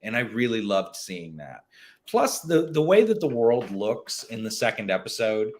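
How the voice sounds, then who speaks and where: Animated man with a lively pitch. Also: normal speed. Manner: animated, swearing, emphatic. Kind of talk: casual chat.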